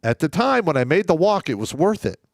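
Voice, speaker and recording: Profane storytelling ex-soldier, lively pitch. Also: male voice, a little fast, no room sound, clean studio sound. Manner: profane, animated storytelling with loud outbursts. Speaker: co-host; former first sergeant. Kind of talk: casual podcast chat.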